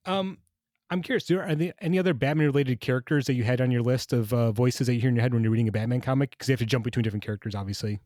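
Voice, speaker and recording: In clean, echo-free studio sound, a podcast co-host with a mid-range, slightly mellow voice talks fast with fairly even intonation. He rambles casually and searches for names as he goes.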